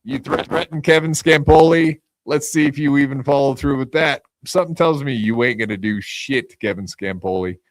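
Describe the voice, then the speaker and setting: Profane ranting podcast host, dry close sound. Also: male voice, mid-range voice, fairly even intonation, fairly quick, hardly any pauses, dry recording. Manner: profane, taunting rant delivery. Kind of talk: casual live podcast talk.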